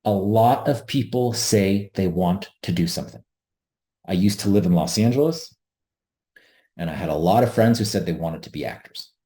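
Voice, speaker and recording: Warm and low-pitched, this options trader runs a webinar at a normal speed. He speaks with earnest emphasis and keeps repeating the main points he wants to land.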